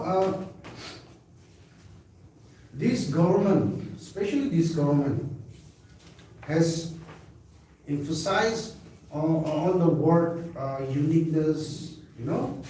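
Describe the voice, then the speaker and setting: A man giving a slow, emphatic statement at a press briefing, repeating words and pausing with fillers. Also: fairly high pitch, darkish tone. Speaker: party spokesperson at press briefing. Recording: echoey room, mic far off, faint hiss.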